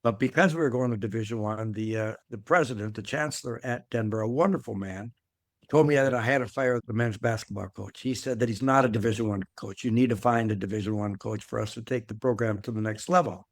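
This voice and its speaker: A man's voice: on the low side, quick pace, no room sound, studio quality. An older man, a guest in an interview, telling a long career story in a rambling way, often repeating words and filling with "uh". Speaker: guest, former athletic director. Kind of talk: conversational storytelling.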